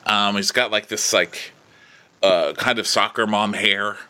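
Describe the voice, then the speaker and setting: A man co-hosting a casual comedic podcast, recapping a TV episode, riffing fast and swearing freely. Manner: animated, jumps into high-pitched impressions of characters.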